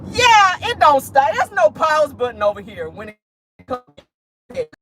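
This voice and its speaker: Sitting in a parked car, a YouTube commentary host films a casual vlog, speaking directly to her viewers with sassy, petty remarks and calling them "honey" and "y'all." Her voice is high, a bit bright, and very animated, though her pace is a little slow.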